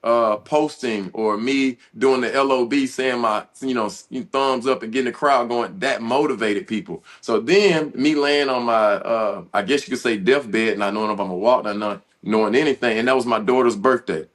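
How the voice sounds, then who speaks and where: A man in his thirties, a former football player, telling an emotional personal story as a podcast guest, earnest and halting, with restarts and fillers. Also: mid-range voice.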